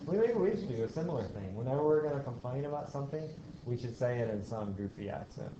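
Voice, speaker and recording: A middle-aged man with a drawl talks a classroom through physics step by step, questioning the students and wandering into asides. His voice sits at an ordinary pitch. The recording is dull and lo-fi, with a faint hiss underneath. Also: expressive, fast talker. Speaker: physics lecturer. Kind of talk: classroom lecture.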